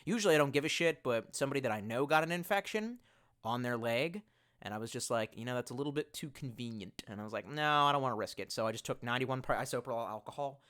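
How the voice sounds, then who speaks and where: A man's voice: mid-range voice, quick pace, fairly bright tone. A man chatting casually on a live stream, reading out chat messages in a rambling way and swearing a lot.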